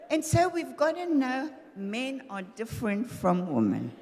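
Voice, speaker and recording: A woman's voice: a little high, huge pitch swings, unhurried, few pauses, long reverb tail, crowd noise. An older woman preaching a sermon with humor, acting out the voices of husbands and wives as she talks about marriage. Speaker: pastor's wife preaching. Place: church hall.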